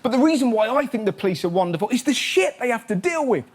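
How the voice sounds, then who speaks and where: High-voiced comic on stage. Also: male voice, sing-song. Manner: sarcastic, punchy delivery with quick asides. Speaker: comedy show host. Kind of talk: stand-up monologue. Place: TV studio stage. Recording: loud studio audience laughter.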